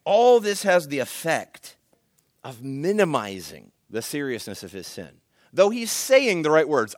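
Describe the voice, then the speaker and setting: A man preaching with a lively, swooping delivery and a fairly high voice. He acts out the excuses he quotes. The sound is dry and close. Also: unhurried, no echo. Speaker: pastor. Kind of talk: sermon.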